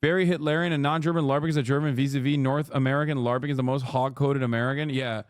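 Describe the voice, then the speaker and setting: A man's voice: medium pitch, steady tone, fast talker, no echo, clean studio sound. A man streaming as he reacts to a video, ranting in a heated, sarcastic and profane way. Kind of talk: casual reaction commentary.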